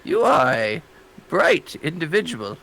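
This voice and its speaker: A woman's voice: low voice, very animated, takes it slowly, fairly bright tone, heavily acted. A man voicing a prim, fussy librarian woman of about ninety. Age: 90s.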